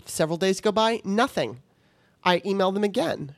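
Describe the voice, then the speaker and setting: A woman's voice: on the low side, a little fast, dry recording. A woman hosting a casual podcast, ranting with exasperation and swearing as she retells a customer service saga. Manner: exasperated, profane, storytelling with quoted dialogue. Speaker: podcast host.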